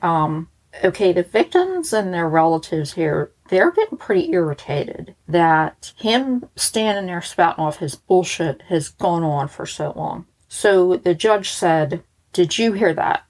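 A woman's voice: on the low side, expressive, measured pace, poor audio. Blunt, chatty American woman. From United States. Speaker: true crime storyteller. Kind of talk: casual storytelling.

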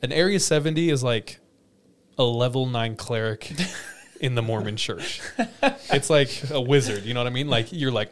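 A man tells a story to friends on a podcast, his voice sitting in a middle pitch. He laughs often and slips into the voices of the people in the tale. The talk is loose and casual. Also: normal speed, slight background noise. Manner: animated, laughs often, acts out quoted lines. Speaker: podcast host telling a story.

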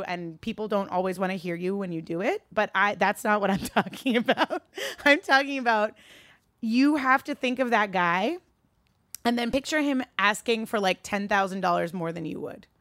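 A woman giving a candid, animated talk to a live audience, swearing freely and rising into a high register when worked up. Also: no room sound, clean studio sound. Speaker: speaker addressing a live audience.

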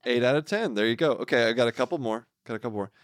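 A man's voice: mid-range voice, expressive, racing, no echo, clean studio sound. A man hosting a podcast, running a joking rating game with his guest. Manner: joking, game-show-style rating segments. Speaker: podcast host. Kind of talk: casual chat.

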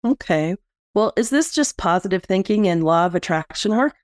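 A woman's voice: medium pitch, expressive, moderate pace, dry recording, studio quality. A woman guest on a podcast, asking the host brief, plain questions. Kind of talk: interview questions.

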